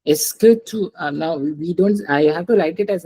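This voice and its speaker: A patient language teacher walks through each example and repeats it. The voice is dark and mellow, with a husky edge. The teacher keeps checking whether the student follows. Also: medium pitch, moderate pace, hardly any pauses, rough recording. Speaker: French teacher. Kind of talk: live online language lesson.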